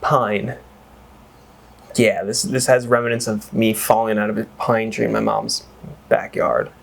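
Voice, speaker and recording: A man's voice: on the low side, flat delivery, unhurried, creaky, a bit bright. A man reviewing whiskey in a casual, rambling chat that wanders off on tangents and is full of exclamations. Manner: exclaims and swears freely.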